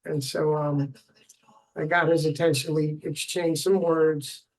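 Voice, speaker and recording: Slow gravelly middle-aged man. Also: fairly high pitch, little pitch movement, low-quality recording. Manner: slow, meandering, many fillers and restarts. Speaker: father recording a video log. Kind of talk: rambling personal video diary.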